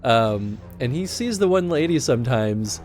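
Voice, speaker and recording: Male streamer, mid pitch, animated and rambling. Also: normal speed, faint music behind. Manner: rambling, with restarts and laughter. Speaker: livestream host. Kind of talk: casual chat while streaming a game.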